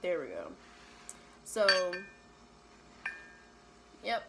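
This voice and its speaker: A woman's voice: on the low side, huge pitch swings, very slow, vocal fry, very noisy. A young woman retelling a classic play in casual slang, mixing read verse with her own summary and often adding "right?".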